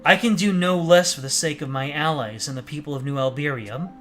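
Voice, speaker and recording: A man's voice: fairly high pitch, a little fast, natural voice. A man voicing a noble, earnest young prince with a polite, sincere delivery. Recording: faint game music behind.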